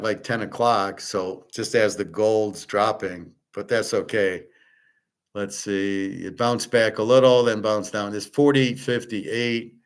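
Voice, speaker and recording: A man hosting his own show, ranting off the cuff with heavy profanity and exasperation, often stumbling over and repeating words when worked up. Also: lowish voice. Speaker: sports betting picks host. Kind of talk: unscripted ranting commentary.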